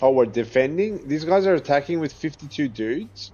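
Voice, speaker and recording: A man's voice: a little high, lively intonation, moderate pace, mellow. An Australian man giving casual gameplay commentary, chatty, swearing freely and laughing often. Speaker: gaming video creator. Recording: slightly dull audio with faint game music. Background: faint game music.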